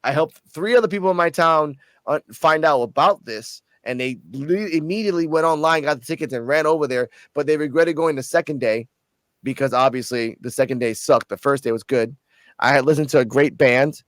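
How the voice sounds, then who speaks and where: A man from Puerto Rico telling a story in a casual, animated vlog, cursing freely and sounding a little tipsy. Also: a little high, brisk, no echo. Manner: profane, animated, excited storytelling. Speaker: channel host.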